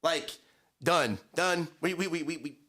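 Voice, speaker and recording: A man in his thirties co-hosting a morning talk show, speaking casually in an animated, coaching way and often repeating his words. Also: a little high, unhurried. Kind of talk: casual chat.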